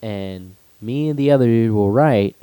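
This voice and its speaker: A man's voice: unhurried, clean tone, dry recording. A young man co-hosting a casual podcast, telling stories with lots of swearing and acting out quotes. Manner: heavy swearing, acts out quotes with loud high voices. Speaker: podcast co-host. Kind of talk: casual chat.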